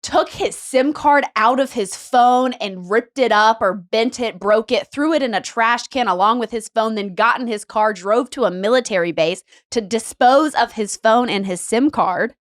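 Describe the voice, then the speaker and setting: Woman, higher voice, breathless true-crime storyteller on a chat podcast. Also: moderate pace, few pauses. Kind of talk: casual chat.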